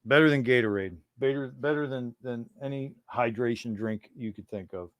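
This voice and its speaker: A man rambling through irreverent, conspiratorial banter as he hosts a casual livestream chat. His voice sits at an ordinary mid pitch. The sound is dry and close, with no room echo. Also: normal speed. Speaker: livestream host.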